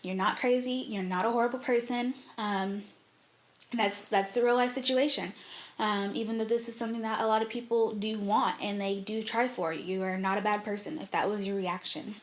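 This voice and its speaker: A woman's voice: medium pitch, fairly even intonation, moderate pace. A young woman vlogger telling a personal story in a candid, heartfelt way, with many fillers.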